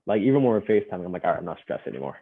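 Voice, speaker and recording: A man's voice: deep voice, very fast, vocal fry, a little hiss or hum. Young man on a tinny phone-like line. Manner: relaxed, laughs often, many fillers like "you know". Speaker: podcast guest. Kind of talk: casual storytelling.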